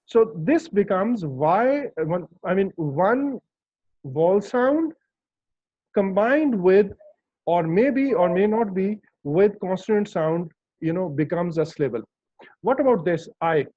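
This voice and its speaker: A man's voice: high voice, animated, slow, no echo. A man teaching English pronunciation in an online lesson, patiently repeating words and checking that his students follow. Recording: dull lo-fi dry sound.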